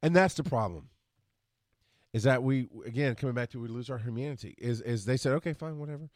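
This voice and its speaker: A man hosting a solo podcast, ranting with frustration and profanity, rushing his words and then reining himself in. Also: medium pitch, no room sound, studio quality. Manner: frustrated, profane, talks fast then slows down. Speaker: podcast host.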